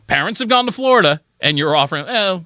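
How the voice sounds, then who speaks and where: A man's voice: high-pitched, animated, fast, bright, forceful tone, dry recording. A man hosting a podcast interview in a studio, enthusiastic and often chiming in with agreement. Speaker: podcast host. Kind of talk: casual interview chat.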